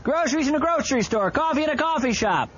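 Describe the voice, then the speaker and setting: Ranting high-voiced radio host, AM broadcast. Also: male voice, fast. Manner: rambling, mock-ranting, bursts of loud excitement. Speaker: radio talk show host. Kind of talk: improvised comic live-read radio ad. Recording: slightly dull AM radio broadcast with faint hiss.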